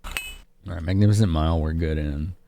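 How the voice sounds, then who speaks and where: A man's voice: extremely low pitch, normal speed, vocal fry, dark tone, slight background noise. A man from Chicago streaming a game live, chatting casually with his viewers. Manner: casual, chatty, laughing with chat.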